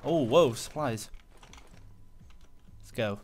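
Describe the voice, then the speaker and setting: A man talking casually over his own gameplay, rambling through fillers and half-finished thoughts. His voice sits at an ordinary middle pitch and jumps up when something surprises him. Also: takes it slowly. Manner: rambling, full of fillers and restarts, easily excited. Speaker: gaming channel host. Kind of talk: casual let's-play commentary.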